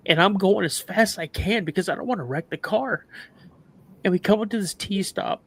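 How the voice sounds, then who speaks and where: A man's voice: high voice, moderate pace. A man, a guest recounting a frightening encounter, acting out the voices of others and getting emotional. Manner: animated retelling with quoted dialogue, emotional. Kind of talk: emotional storytelling on a live show.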